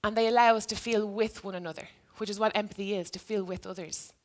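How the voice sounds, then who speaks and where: A woman's voice: medium pitch, steady tone, fast talker. A woman who used to be a teacher, giving a reflective talk to an audience and telling a story from her classroom. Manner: earnest, reflective. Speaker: speaker, former teacher.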